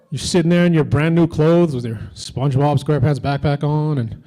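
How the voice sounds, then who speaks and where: A man from the Philippines performing a stand-up comedy set at a convention, offhand and deadpan with lots of fillers. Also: a little high, fairly quick, few pauses. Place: convention stage before a crowd.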